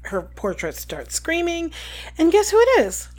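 A woman's voice: very high voice, huge pitch swings, a little slow, darkish tone. A woman co-hosting a podcast, casually recapping a book chapter with lots of ums. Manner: retells scenes with filler ums and quoted lines. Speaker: podcast co-host.

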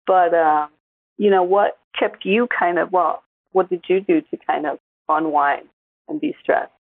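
A woman in her forties, a podcast co-host, chatting casually and telling animated stories. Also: on the low side, unhurried. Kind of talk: casual chat. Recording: tinny phone-like line.

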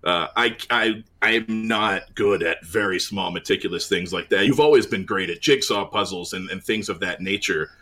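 A man's voice: low voice, normal speed, few pauses, pushed and bright. A man co-hosting a casual chat over a call, earnest and full of "uh" fillers. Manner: earnest, complimentary, hesitant with many fillers. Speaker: podcast co-host. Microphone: remote call with dropouts.

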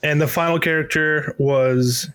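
A man's voice: on the high side, steady tone, measured pace, fairly bright tone, clear, resonant tone, no room sound. A man co-hosting a casual book discussion, chatty and laughing often between remarks. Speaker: podcast co-host.

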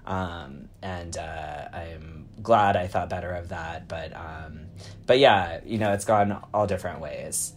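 An author being interviewed, speaking in a hesitant way with many pauses and fillers. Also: low-pitched, a little hiss or hum. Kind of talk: casual interview.

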